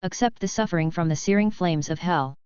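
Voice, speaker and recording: A woman voicing a stern, cold male battalion commander with a severe voice, in a measured, even delivery. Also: on the low side, clear, resonant tone, no echo, close to an everyday voice. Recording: slightly dull dry recording.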